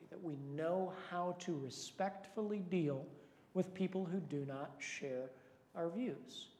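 A man's voice: high-pitched, dark tone. A man, a pastor, leading a Bible study with prayer, teaching and questions to the group in an earnest, lightly joking way. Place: large hall with long reverb. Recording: echoey reverberant hall.

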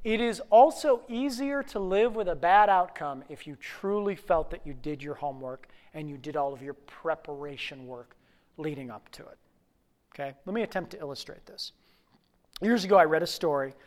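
Animated storytelling preacher. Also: medium pitch. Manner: animated storyteller, swings from quiet to loud. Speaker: pastor. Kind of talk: sermon.

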